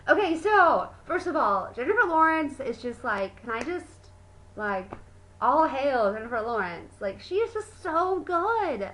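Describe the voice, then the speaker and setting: A young woman talks in a casual video review, bubbling with excitement and packing her speech with fillers. Her voice sits a little high and rings very bright. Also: a little slow, low-quality recording. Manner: gushing, excitable, full of fillers. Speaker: book and movie vlogger.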